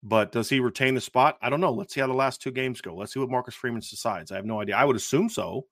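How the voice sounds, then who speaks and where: A man's voice: mid-range voice, fast, fairly bright tone, no echo, clean studio sound. A man hosting a sports podcast, talking through football questions in an emphatic, repetitive way. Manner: emphatic, repeats himself and restarts. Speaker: podcast host. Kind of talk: sports talk show analysis.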